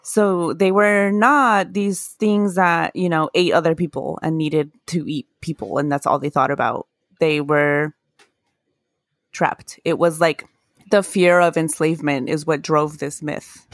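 A woman's voice: low-pitched, fairly even intonation, measured pace, no echo, studio quality. A woman casually telling folklore history in a podcast chat, earnest and laughing at her own mispronunciations. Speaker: podcast co-host.

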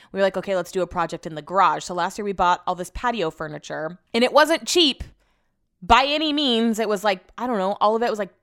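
A woman's voice: fairly low pitch, fairly bright tone, smooth. A young adult woman hosting a casual solo podcast from home, rambling through everyday stories, swearing casually and laughing often. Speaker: podcast host.

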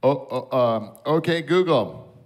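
A man's voice: medium pitch, animated, slow pace. A man hosting a late-night show, bantering bluntly and swearing freely. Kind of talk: casual on-air banter.

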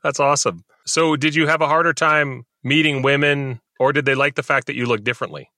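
A man's voice: medium pitch, steady tone, fairly quick, bright, forceful tone, no room sound, clean studio sound. A man hosting a podcast in casual, joking chat. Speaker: podcast host.

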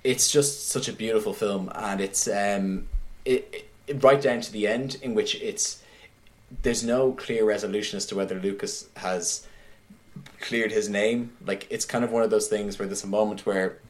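A man's voice: lowish voice, moderate pace. Man chatting casually about films. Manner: animated retelling, heavy use of "like". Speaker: podcast guest discussing films. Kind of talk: casual film chat.

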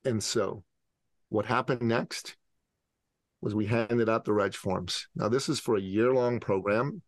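A man in his forties from the Middle East, a podcast guest and business coach telling an animated, dramatic story. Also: on the low side, a little slow, dry recording. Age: 40s. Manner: dramatic, acts out scenes with voices.

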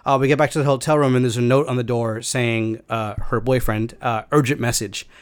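A man telling a long personal story in casual chat, rambling and halting with many fillers and restarts. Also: medium pitch, steady tone, smooth.

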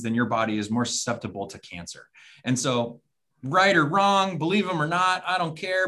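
A man's voice: medium pitch, pushed and bright. A man co-hosting a podcast, telling a story in casual chat, rambling with many fillers and restarts. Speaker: podcast co-host.

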